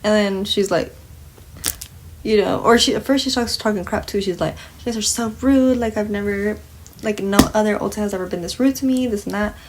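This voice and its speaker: A young woman with a mid-range voice talks a little fast while putting on makeup, venting about something that happened at work. She swears bluntly and voices the other people's lines in quoted dialogue. There's a little hiss or hum on the recording.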